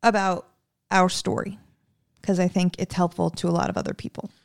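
Fast-talking New woman. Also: fairly low pitch, level tone, vocal fry. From New Jersey. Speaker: podcast co-host. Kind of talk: casual chat.

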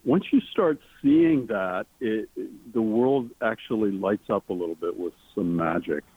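A husky, fairly low-voiced man speaks over a tinny phone line as an interview guest. He talks earnestly and with enthusiasm, and his pitch leaps on key words. The sound is dry and thin. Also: measured pace, no room sound. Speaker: author guest. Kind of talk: interview conversation.

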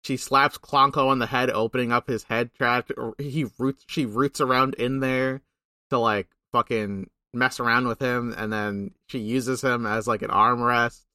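Bright-voiced young man recapping a game. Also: mid-range voice, steady tone, no room sound, studio quality. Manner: rambling, swears casually, quick asides. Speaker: podcast co-host. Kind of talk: casual game recap chat.

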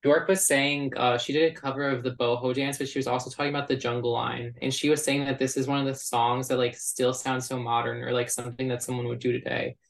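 A man co-hosting a music podcast, talking in a relaxed, loose way with lots of "like". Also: mid-range voice, fast talker, creaky, hardly any pauses. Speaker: podcast co-host. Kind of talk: casual chat.

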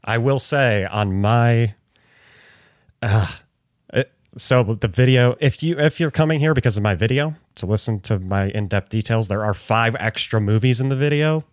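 A man's voice: medium pitch, normal speed, no room sound, studio quality. A man co-hosting a movie podcast in casual, chatty talk. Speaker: podcast co-host. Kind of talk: casual chat.

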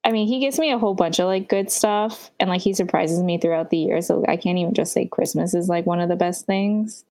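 A woman from Canada, a guest on a casual podcast, chatty and quick to laugh. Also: fairly low pitch, a little mellow, no room sound. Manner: chatty, laughs often, apologetic.

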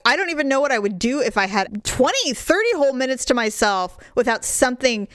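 A woman's voice: sits high, animated, a little fast, a bit bright, no room sound. A woman in her thirties, a stay-at-home mom co-hosting a casual chat podcast, blunt and profane as she tells stories and acts out quotes. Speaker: podcast co-host.

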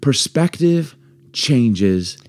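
Animated storytelling man, lively pitch. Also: drawn-out words. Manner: animated, acts out voices in his stories. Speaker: podcast co-host. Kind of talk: casual storytelling chat.

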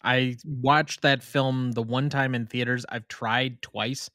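A man's voice: medium pitch, fairly even intonation, slow pace, sharp tone, dry recording, studio quality. A man co-hosting a casual movie podcast, laid-back with short wry remarks. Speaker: podcast co-host.

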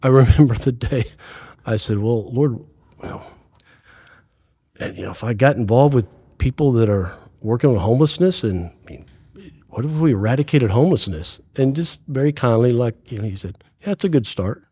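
Earnest husky-voiced man in his sixties. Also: medium pitch, expressive, moderate pace, warm tone, dry recording. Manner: earnest, acts out quoted dialogue. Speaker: podcast guest. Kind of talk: faith testimony in interview.

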